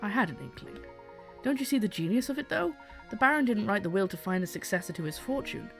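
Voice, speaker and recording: Woman reading as a calm gentleman professor. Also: mid-range voice, vocal fry, soft background music. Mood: explaining. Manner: measured, explanatory.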